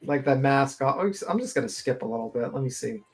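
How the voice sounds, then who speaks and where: A man's voice: mid-range voice, expressive, quick pace, crowd noise. A man giving blunt, profane, rambling commentary as a guest on a live-stream panel.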